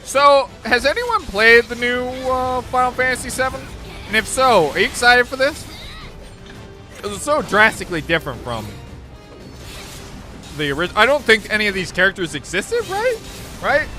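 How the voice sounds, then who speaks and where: A man streaming live, reacting to a game showcase with excited, sarcastic commentary. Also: extremely high pitch, moderate pace, pauses often. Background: game trailer music.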